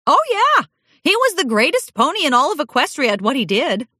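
A woman puts on a full character voice, pitched well above her natural register, to play a cheerful, chatty young mare in a storybook reading. Her delivery is high, sing-song, bright and forceful at a moderate pace, bubbly and eager with an enthusiastic mood. The recording is dry and studio quality.

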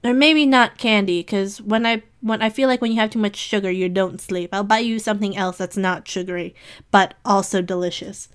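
A woman's voice: medium pitch, fairly even intonation, a little fast, clean tone. A woman in a rambling casual monologue, gushing with affection and giggling, sniffling now and then. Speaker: community member giving shout-outs.

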